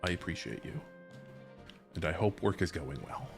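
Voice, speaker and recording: A man's voice: low-pitched, lively intonation, normal speed, gravelly, soft background music. A man streaming a video game, chatting casually and joking with his viewers. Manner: chatty and joking, reads game text aloud. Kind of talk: casual let's-play chat.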